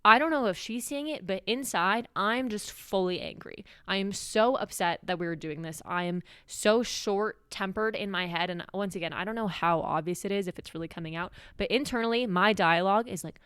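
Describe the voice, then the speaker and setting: A woman's voice: mid-range voice, moderate pace, fairly bright tone, clean tone, no room sound, studio quality. A young woman hosting a podcast, talking candidly and reflectively about her own feelings in a solo, confessional way. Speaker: podcast host.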